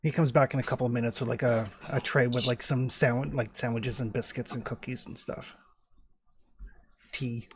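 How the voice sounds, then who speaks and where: A man's voice: mid-range voice, steady tone, normal speed, husky. A man narrating as game master in a tabletop game, in a loose, rambling way with many fillers.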